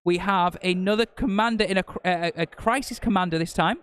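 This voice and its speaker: A man's voice: high voice, fairly quick, a bit bright, clean tone. A man co-commentating a live tabletop wargame stream, joking as he reels off army lists. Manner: jokey, reels off unit lists.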